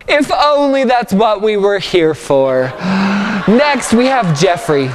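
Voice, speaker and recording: A man's voice: high voice, very animated, slow pace, over music, heavily acted. A young man playing a brash, mocking trash-TV talk show host in a comedy sketch, talking like an announcer.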